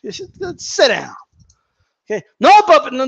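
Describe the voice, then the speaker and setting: A man's voice: extremely high pitch, sing-song, normal speed, gravelly, no room sound, muffled recording. A man ranting casually to his viewers, heated and profane, mocking people and repeating himself for emphasis. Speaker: boxing commentator vlogger.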